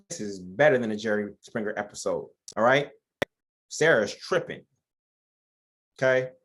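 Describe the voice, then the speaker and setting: A man's voice: mid-range voice, fairly bright tone. Joking man leading a Bible study. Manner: joking, conversational, addresses listeners as y'all; reads verses aloud then comments. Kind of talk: informal Bible study teaching.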